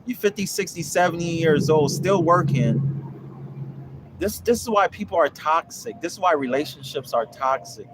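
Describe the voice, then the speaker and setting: With a slightly high voice, lively intonation and a normal pace, a young land investing course owner talks casually on a livestream over background noise. He answers viewers by preaching bluntly, cursing and saying things again and again.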